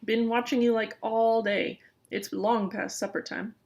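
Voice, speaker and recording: A woman reading aloud and voicing a gruff, bullying male raven who leads a gang and talks with menace. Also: fairly high pitch, fairly even intonation, measured pace, darkish tone, slight background noise. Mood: impatient. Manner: menacing and demanding. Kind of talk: reading a children's novel aloud.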